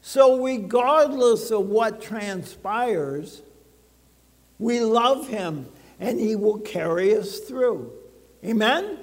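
Pastor guy preaching, slow and emphatic, long churchy reverb. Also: high voice. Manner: emphatic, checks in with the congregation. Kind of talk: sermon. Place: church sanctuary.

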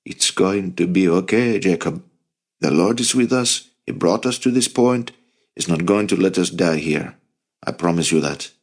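A man reading an audiobook, voicing a calm male prisoner who speaks low and hushed. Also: normal speed, few pauses, slightly rough. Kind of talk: audiobook character voice.

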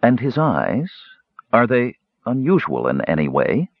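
A man voicing a cool, guarded male mage who speaks in clipped, measured replies in an audiobook. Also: medium pitch, huge pitch swings, no echo, phone-quality sound.

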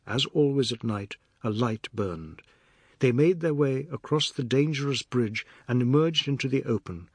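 A male audiobook narrator reads a novel in a measured, steady storytelling style. His voice is medium in pitch with a breathy edge, and the scripted narration is a dry, studio-quality recording.

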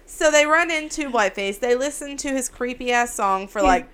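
This is a woman talking through a film plot in a relaxed chat. Her pitch sits a little high and swings widely as she bounces between narration and silly character quotes. She is casual and swears freely. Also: moderate pace, clear, resonant tone. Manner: animated, profane, playfully acts out characters. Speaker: podcast co-host. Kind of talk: casual movie recap chat.

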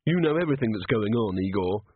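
A man voicing a calm, steady young female watch officer who speaks in a level, deliberate way. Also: fairly low pitch, breathy edge, no echo. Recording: tinny phone-like audio.

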